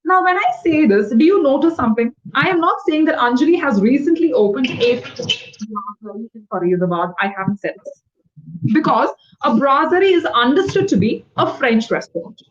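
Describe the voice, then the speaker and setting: A woman tutoring English over a video call, explaining words quickly and patiently. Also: high-pitched, lively intonation, highs cut off. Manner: fast-talking, explanatory, patient. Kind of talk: one-on-one online English lesson.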